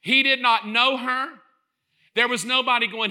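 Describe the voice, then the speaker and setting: Man preaching a sermon, high voice, very bright and forceful, animated, acts out voices. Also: normal speed. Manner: builds to impassioned shouting.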